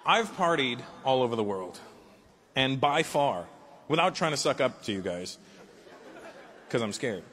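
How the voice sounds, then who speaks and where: A man's voice: mid-range voice, very animated, a little slow, pauses often. A man doing a brash, profane stand-up set, working the crowd on a live stage with a handheld mic. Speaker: stand-up comedian. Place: comedy stage before a live audience. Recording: live show with loud crowd and noise.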